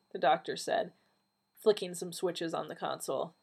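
A woman narrating a story with a steady, even reading style. Her voice is on the low side and husky, with a breathy edge. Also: normal speed. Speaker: audiobook reader.

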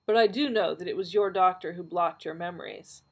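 A woman's voice: fairly low pitch, brisk, husky. Woman reading as the Doctor, dry and weary. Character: the Doctor, a weary, dry-witted alien time traveller man.

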